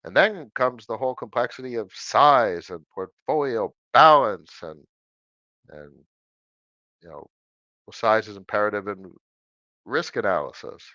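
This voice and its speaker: A man's voice: fairly low pitch, unhurried, pauses often, dry recording, muffled recording. A middle-aged man hosting a casual livestream Q&A at his home desk, chatty and answering viewers' questions. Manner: animated, chatty, answers questions by reading them aloud.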